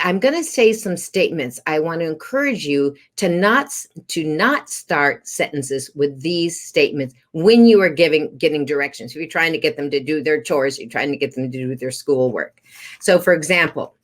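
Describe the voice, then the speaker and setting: A woman's voice: sits low, lively intonation, normal speed. A woman parenting coach explaining her advice in an interview, instructive and posing rhetorical questions to herself.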